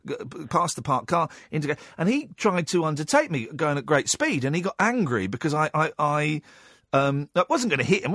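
A man spins a story on a radio phone-in, his pitch swooping wildly from high to low. He keeps checking in with "right?" and trips over restarts as he goes. His voice sits a little high for a man, and it sounds dry and close. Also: a bit bright, breathy edge, dry recording. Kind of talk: animated anecdote on radio.

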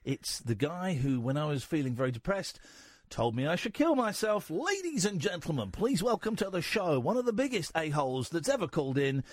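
Radio host man, sarcastic and teasing, bouncy up and down pitch, dry close sound. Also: sing-song, dry recording. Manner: teasing, sarcastic, quick to interrupt. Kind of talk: casual radio banter.

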